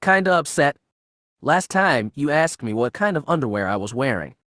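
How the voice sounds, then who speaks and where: A man's voice: a little high, sing-song, moderate pace, a bit bright, no echo, studio quality. A man doing a pilot woman faking sweetness. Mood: disgusted. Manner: put-on sweetness, wry asides. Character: sharp young woman pilot feigning sweetness.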